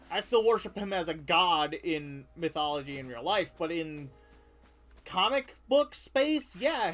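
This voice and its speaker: Brief: animated, rambling streamer over soft music, laughs mid-sentence. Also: medium pitch. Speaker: game streamer. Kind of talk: casual gameplay chat.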